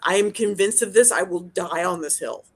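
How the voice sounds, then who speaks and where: A woman's voice: fairly low pitch, moderate pace, breathy edge. A woman, a dental hygienist, chatting casually as a podcast co-host, blunt and profane, rambling with lots of restarts. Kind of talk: casual chat.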